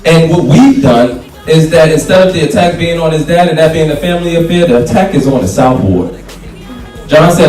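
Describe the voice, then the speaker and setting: A man's voice: fairly high pitch, expressive, brisk, darkish tone. A man, a council candidate giving a fiery, plain-spoken campaign speech to a crowd. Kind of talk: campaign speech at a meet and greet. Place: community hall meet and greet. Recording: echoey room, speaker from far off, music faint behind.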